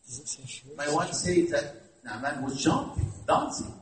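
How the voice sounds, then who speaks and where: A man preaches with an Egyptian Arabic accent, his voice high and his pitch leaping around as he questions the listeners. He drifts between English and Arabic. He is heard from far off in an echoey hall. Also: animated, moderate pace, a bit bright. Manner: asks the audience questions, switches into Arabic. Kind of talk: interactive sermon.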